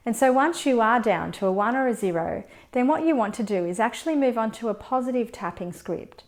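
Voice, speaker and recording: A woman coaching viewers through a tapping routine, explaining each step in a calm, gentle, measured way. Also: fairly high pitch. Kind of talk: step-by-step instruction.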